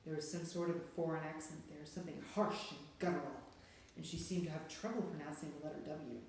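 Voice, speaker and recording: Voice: mid-range voice, brisk, heavy reverb, a little hiss or hum. A reader narrating a storybook aloud in a dramatic, suspenseful way. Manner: dramatic, hushed and then rising with suspense.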